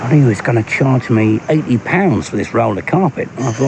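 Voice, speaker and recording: A man's voice: medium pitch, expressive, brisk, creaky, hardly any pauses, background noise. A man who rambles playfully and switches between voices, recording an improvised comic audio blog outdoors in a park on a handheld phone. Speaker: audio blogger.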